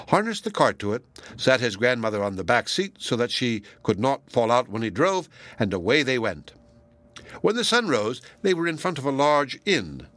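A man reading a fairy tale aloud, with a lively delivery that briefly voices the characters. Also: medium pitch, no echo. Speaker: storyteller.

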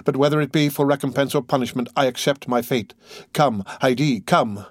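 A man voicing a brooding noble count, speaking in a solemn, measured way in an audiobook. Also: mid-range voice, no room sound, studio quality, close to an everyday voice.

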